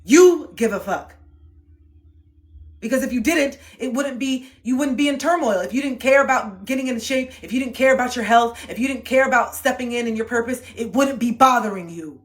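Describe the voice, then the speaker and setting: A woman's voice: on the high side, fairly quick, hardly any pauses. A young woman livestreaming an intense motivational pep talk, preachy and full of swearing.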